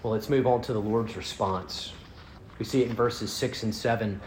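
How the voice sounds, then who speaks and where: A man preaching a sermon as pastor, earnest, building emphasis and then dropping soft. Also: on the low side, steady tone, normal speed, echoey room, a little hiss or hum.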